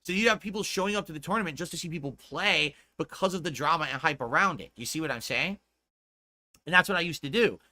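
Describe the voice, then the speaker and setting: A man's voice: fairly high pitch, animated, quick pace, pushed and bright. A streamer in a played clip, a man rambling about his past in casual talk, repeating himself and swearing freely. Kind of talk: casual storytelling.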